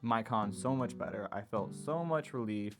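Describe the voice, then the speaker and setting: A young man in his twenties casually telling a personal story, acting out what people said in a raised, animated voice. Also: on the low side, moderate pace. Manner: animated retelling, acts out quotes in a raised voice. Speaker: vlogger. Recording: guitar music playing behind. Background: guitar music.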